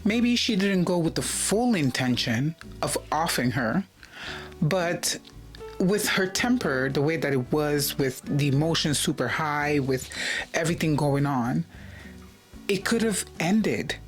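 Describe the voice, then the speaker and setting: A woman's voice: low-pitched, lively intonation, measured pace, soft background music. A woman hosting a reaction video, commenting with indignation and rhetorical questions.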